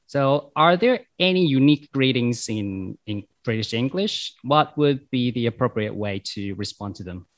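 A man hosting a podcast, explaining a topic in a measured way and asking interview questions. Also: medium pitch, lively intonation. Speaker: podcast host.

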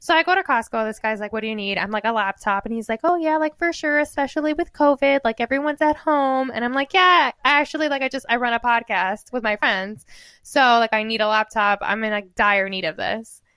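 A woman in her twenties, co-hosting a podcast, telling a story in casual chat and acting out every quote with animated swings of voice. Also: a little fast, smooth, dry recording, studio quality. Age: 20s. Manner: animated, acts out quoted dialogue with big pitch jumps and laughter. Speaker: podcast co-host.

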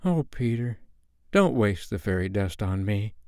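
A man voicing Wendy, a gentle, wistful grown-up mother, in a storybook reading. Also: lowish voice, big pitch swings, unhurried, clean tone, no echo, studio quality. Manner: soft and tender.

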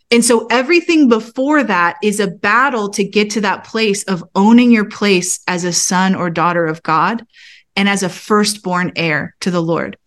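An earnest woman in her thirties recounts a personal faith story as a podcast guest. She tells it like a testimony and voices her own prayers with rising feeling. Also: medium pitch. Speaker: podcast guest, pastor and author.

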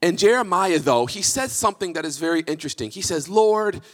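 A male pastor preaching a sermon in a church, impassioned and emphatic, building to near-shouts. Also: fairly high pitch, big pitch swings, quick pace. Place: church sanctuary. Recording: reverberant church hall.

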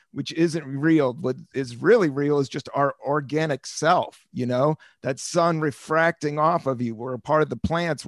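A middle-aged man talks in a loose, rambling way and laughs easily. His voice sits a little high for a man. The sound is close and dry, with no room echo. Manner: animated, rambling, laughs often. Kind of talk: casual chat.

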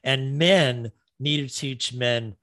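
Slow, earnest male host. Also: medium pitch, pushed and bright, no echo. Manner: earnest, instructive. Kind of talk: conversational advice talk.

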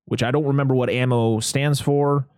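A man's voice: medium pitch, fairly even intonation, normal speed, darkish tone, clear, resonant tone, no room sound. Guy casually recapping a movie on a podcast, laughs a lot, dry close sound. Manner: laid-back, laughs often, acts out characters' lines. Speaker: podcast host recapping a film. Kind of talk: casual chat.

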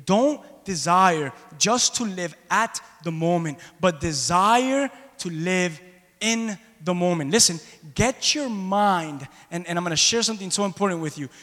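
A man preaching a sermon to his congregation, impassioned and rising to shouts at the peaks, questioning the room. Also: sits high, lively intonation, unhurried, in a large hall. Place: church hall.

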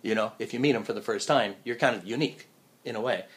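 A man talking loosely in an interview about his voice work. He tells anecdotes in an easy, mid-pitched voice and jumps into the voices of the people he quotes. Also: fast, a crowd in the background. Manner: animated storyteller, acts out quoted voices. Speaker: voice actor, guest. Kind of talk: casual interview chat. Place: living in Japan.

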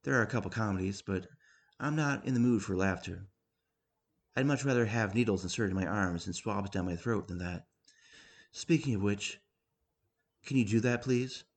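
A man voicing a sarcastic young woman patient who answers in a dry, deadpan way. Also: fairly low pitch, normal speed, long pauses.

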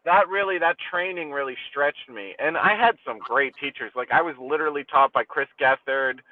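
A male comedian chatting casually, riffing with crude, animated jokes. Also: a little high, moderate pace, recorded from a distance, phone-quality sound. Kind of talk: casual podcast chat.

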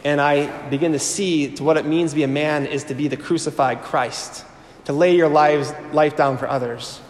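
A priest in his thirties telling his personal testimony to a live audience. He tells it with animated storytelling and acts out the voices he quotes. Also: fairly high pitch, normal speed. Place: large hall before an audience. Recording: echoey hall with long reverb.

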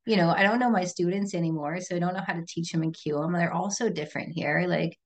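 Animated woman yoga teacher talking shop. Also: on the low side, quick pace. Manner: animated, reflective, laughs easily. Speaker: podcast guest and yoga teacher. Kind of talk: casual conversation.

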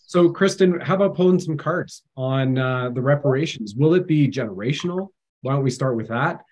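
Male host, husky tone, loose digressive talker. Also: medium pitch, moderate pace, a little mellow, low-quality recording. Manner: rambling, digressive history talk. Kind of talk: casual interview chat.

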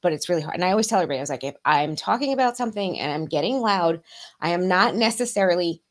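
A woman guest on a podcast, chatting casually in a passionate way, swearing heavily and getting loud. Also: on the low side, lively intonation, very fast, no room sound, clean studio sound.

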